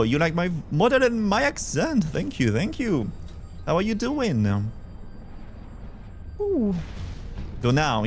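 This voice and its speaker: Belgian-accented man, lively drawn-out game chatter. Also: on the high side, a little hiss or hum. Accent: Belgian French. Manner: chatty, thinks aloud, reads chat. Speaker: streamer. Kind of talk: casual gameplay commentary.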